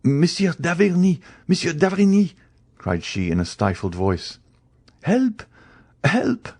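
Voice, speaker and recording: A man voicing an anxious, gentle young woman who speaks urgently and pleadingly, read in an audiobook. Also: mid-range voice, animated, normal speed, breathy edge, pitched above the performer's own voice. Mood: panicked. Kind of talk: audiobook character reading.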